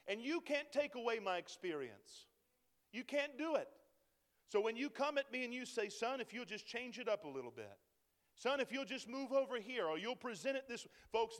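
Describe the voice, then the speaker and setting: Impassioned high-voiced male preacher in a reverberant hall. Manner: impassioned, rising to near-shouting peaks then dropping low. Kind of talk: sermon. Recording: long reverb of a large hall.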